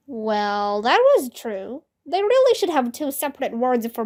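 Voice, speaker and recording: A woman with a high voice reads a children's book aloud. Her delivery is slow, clear and expressive, in a steady storybook style. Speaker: storybook reader.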